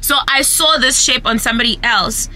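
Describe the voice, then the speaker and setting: Brief: young South African woman vlogger, bright forceful voice, animated ranting, faint background noise. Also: a little high, moderate pace. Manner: animated, ranting, switches between English and isiZulu. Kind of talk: casual vlog chat.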